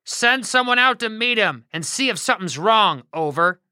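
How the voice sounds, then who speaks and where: A woman's voice: fairly high pitch, animated, normal speed, bright, forceful tone, no room sound, studio quality, pitched above the performer's own voice. A woman voicing a grumpy, irritable male king who talks in a bossy, snappish way. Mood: irritated.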